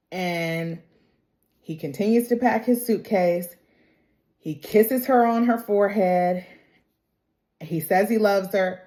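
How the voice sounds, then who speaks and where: A woman's voice: mid-range voice, mellow. A woman talking to camera in a casual, emotional recap of a TV drama episode, chatty, with frequent "like" and "y'all". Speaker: TV episode reviewer.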